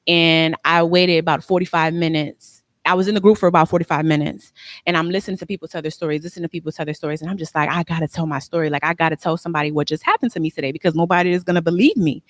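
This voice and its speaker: A young woman with a low-pitched voice tells her own story as an interview guest, earnest and emotional, leaning on "like" again and again. The sound is dry and close, with no room around it. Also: no echo. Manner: emotional, earnest, heavy use of "like". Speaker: guest, tax business owner.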